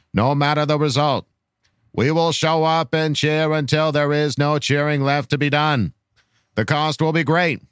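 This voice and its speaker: A man's voice: a little high, a bit bright, smooth, no echo, studio quality. A man hosting a fan podcast, chatting casually and reading listener messages aloud with mock-grand delivery.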